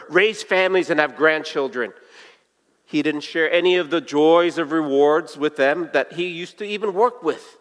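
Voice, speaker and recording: A man preaching a sermon, telling a story earnestly and slowing down, sometimes hushed, for emphasis. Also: a little high. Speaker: pastor. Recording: long reverb of a large hall.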